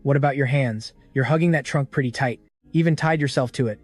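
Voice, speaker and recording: A man's voice: mid-range voice, a little fast, dry recording, lightly acted. A man voicing a blunt young general husband who teases his wife, in a dry-sounding recording. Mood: teasing.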